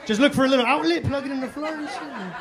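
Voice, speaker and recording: High-voiced, profane comedian in a loud club. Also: male voice, rapid-fire. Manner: profane, brash, street slang. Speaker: stand-up comedian. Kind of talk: stand-up comedy set. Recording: live club with crowd laughter and noise. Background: audience laughter.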